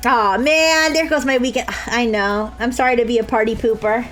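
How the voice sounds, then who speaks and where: A woman's voice: a little high, fairly even intonation, normal speed, a bit bright, faint music behind, poor audio. A young woman streaming a game live, chatting to viewers with crude jokes and frequent laughter, sometimes slipping into mock sobbing. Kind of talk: live-stream gameplay commentary.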